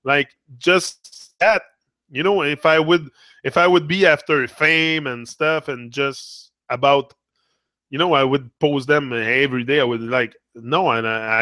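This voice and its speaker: French-accented man, bright and dry, rambling earnest motivational vlog talk. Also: medium pitch, unhurried, no room sound. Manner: rambling, self-correcting, earnest. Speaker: motivational vlogger. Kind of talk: casual live motivational talk.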